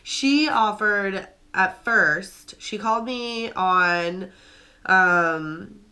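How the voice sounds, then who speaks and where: A woman's voice: medium pitch, drawn-out words, sharp tone. A young woman vlogging to camera, telling a story with many fillers and restarts while venting that she is upset.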